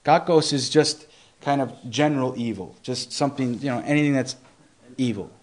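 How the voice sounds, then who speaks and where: A young man giving an informal Bible teaching, earnest and conversational, often restarting phrases and slowing down to stress scripture. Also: medium pitch. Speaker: preacher.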